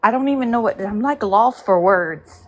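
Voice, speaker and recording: A woman's voice: medium pitch, expressive, moderate pace. A woman venting on a casual livestream, frustrated and rambling with lots of fillers and restarts. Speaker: livestream host.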